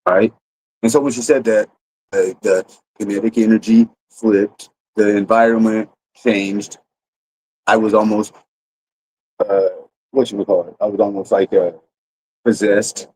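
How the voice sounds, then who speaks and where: A man's voice: on the low side, fairly even intonation, a little slow, pauses often, darkish tone, slight background noise, rough recording. A man telling a rambling, profane story to his livestream audience in a casual way, full of restarts. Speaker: streamer.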